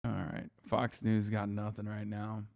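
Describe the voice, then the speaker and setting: A man streaming live, reacting to clips with profane, mocking, animated commentary. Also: fairly low pitch, a little slow, creaky, no room sound, clean studio sound. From United States.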